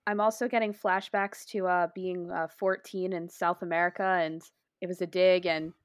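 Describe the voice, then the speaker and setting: A woman's voice: fairly low pitch, flat delivery, moderate pace, no echo, clean studio sound. A woman speaking earnestly in character during a tabletop game. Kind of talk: in-character role-play.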